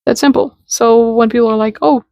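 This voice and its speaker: Woman, casual spiritual talk, chatty, slangy, fairly high voice, dry close sound. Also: flat delivery, a little slow, darkish tone, no echo. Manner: chatty and informal, acts out little dialogues in quotes; slangy, with lots of "like" fillers. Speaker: spiritual content creator.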